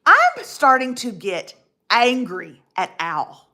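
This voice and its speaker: A chatty woman in her forties is hosting a livestream from home. Her voice is bright and sits a little high. Her pitch swings widely as she greets viewers by name. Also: huge pitch swings, slow pace. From Texas. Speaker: livestream host. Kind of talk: casual livestream chat. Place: indoors at home.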